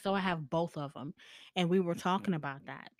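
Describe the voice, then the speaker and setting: A woman's voice: lowish voice, brisk, a little mellow, no room sound. Chatty woman podcast host, dry sound. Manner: candid and chatty, laughs often, swears freely. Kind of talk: casual storytelling monologue.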